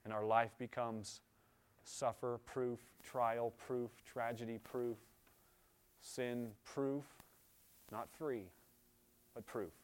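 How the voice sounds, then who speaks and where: A man preaching a sermon at a church service, earnest, with loud emphatic passages and quieter pleading ones. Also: mid-range voice, fairly even intonation, extremely slow, pauses often, clear, resonant tone. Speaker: pastor.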